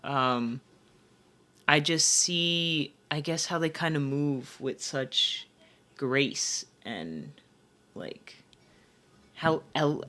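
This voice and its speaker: Animated young woman, casual podcast chat. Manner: animated, acts out quotes with big pitch jumps. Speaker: podcast co-host.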